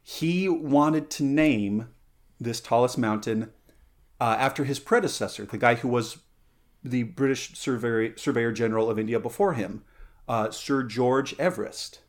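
A man's voice: medium pitch, a little slow. Rambling, playful male podcast host. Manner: rambling, full of fillers and self-corrections; playful, goes off on tangents. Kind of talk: casual podcast chat.

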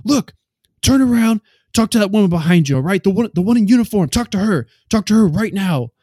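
A man voicing a bossy bearded airport worker who shouts orders and rules. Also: high-pitched, animated, unhurried, breathy edge, dry recording, studio quality, voice pushed up, full character voice. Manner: loud, bossy, pointing out rules.

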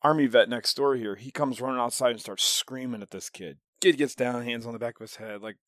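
Midwestern man, animated and profane storyteller, average pitch, recorded dry. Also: brisk, dry recording. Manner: animated storyteller, swears a lot, laughs often. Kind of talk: casual podcast chat.

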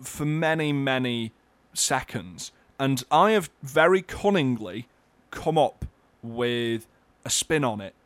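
A man co-hosting a comedic radio show, joking in a dry, playful, deadpan way. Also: medium pitch, takes it slowly, few pauses, dry recording. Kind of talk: comedic casual chat.

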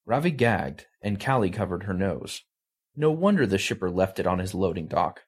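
A man reads a story aloud in a low, husky voice. His delivery is animated and expressive, with a pitch that swoops widely. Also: normal speed. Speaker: story reader. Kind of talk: dramatic story reading.

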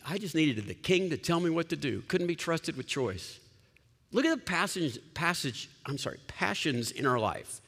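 A man preaching a sermon as a pastor, playful and joking, with bursts of loud mock commands. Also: fairly high pitch. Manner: lively, laughing, playful asides and sudden loud commands. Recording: long hall reverb.

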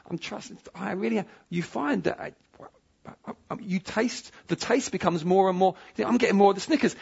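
Emphatic preacher with gravelly voice. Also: male voice, high-pitched. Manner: emphatic, pleading, repeats phrases. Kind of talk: sermon. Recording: dull lo-fi sound.

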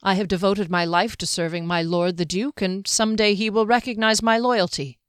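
A man's voice: high voice, steady tone, moderate pace, fairly bright tone, clean tone, dry recording, clean studio sound. A woman voicing a solemn, self-righteous young male captain who speaks stiffly and earnestly.

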